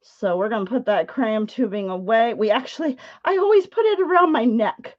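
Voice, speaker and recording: A chatty woman hosting a live paint pouring stream, talking her viewers through each step. Her voice sits fairly high and swings lively up and down. The audio is dull and lo-fi. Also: normal speed. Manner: chatty, laughs often, talks to viewers while working. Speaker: paint pouring livestream host. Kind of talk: casual live craft demonstration.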